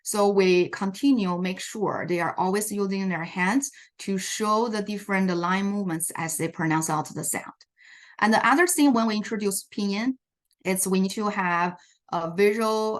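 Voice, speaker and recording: Woman presenting teaching strategies on a video call. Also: medium pitch. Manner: explanatory, with frequent fillers and self-corrections. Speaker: Chinese language teacher presenting. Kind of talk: online teacher workshop presentation.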